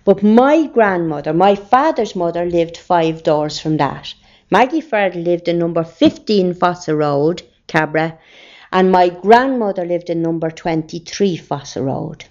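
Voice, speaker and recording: Older irish woman, low voice, rambling family stories, dull lo-fi recording. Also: animated, measured pace, darkish tone. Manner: rambling, anecdotal storytelling. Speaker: interviewee. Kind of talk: oral history reminiscence.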